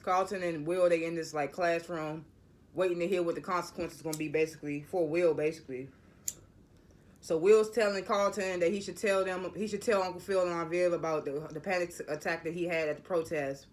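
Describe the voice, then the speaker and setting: A TV episode reviewer with a notably high voice rambles loosely through a casual spoiler recap. He often stutters and doubles back on his words, keeping the whole thing unscripted and relaxed.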